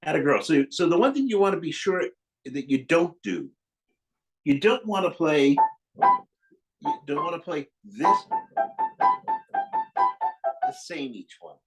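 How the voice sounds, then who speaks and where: A man's voice: fairly high pitch, sing-song, measured pace, pauses often, rough recording. A man teaching piano to a young student, encouraging and demonstrating phrases as he goes. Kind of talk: piano masterclass coaching. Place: room with a piano being played. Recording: loud piano over the voice.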